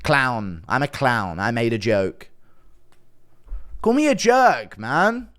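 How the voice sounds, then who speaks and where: A man's voice: mid-range voice, big pitch swings, takes it slowly, long pauses, fairly bright tone. A man ranting casually as an online commentator, defensive and sarcastic, swearing often. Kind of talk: casual rant to camera.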